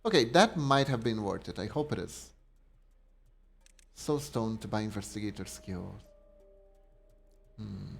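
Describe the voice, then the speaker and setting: A man's voice: on the low side, animated, unhurried, vocal fry, pauses often, husky, faint music behind. A man live-streaming a card game, reading card text aloud and chatting casually with his viewers. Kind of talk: casual live-stream chat while gaming.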